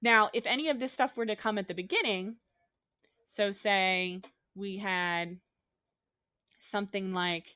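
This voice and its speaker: Woman teacher, upbeat and goofy, patient step-by-step explainer, average pitch, dry close recording. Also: unhurried, long pauses, bright, forceful tone, clean tone, no room sound. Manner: upbeat, goofy, talks through examples step by step. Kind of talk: recorded online lesson.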